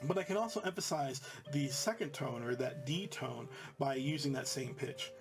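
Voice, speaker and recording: A man's voice: medium pitch, moderate pace. A man teaching music in a casual, explanatory way, full of fillers and restarts as he walks students through a new note. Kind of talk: instructional commentary.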